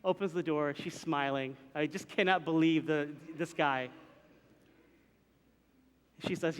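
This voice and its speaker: A man telling a personal story to a live audience, animated and acting out the voices and sounds in it. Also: on the high side, unhurried, long pauses, clean tone. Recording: long hall reverb.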